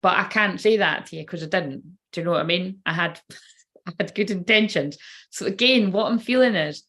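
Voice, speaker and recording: A woman's voice: fairly low pitch, normal speed, a bit bright. A young woman, a tarot card reader, chatting casually and rambling to her viewers, laughing often and swearing freely.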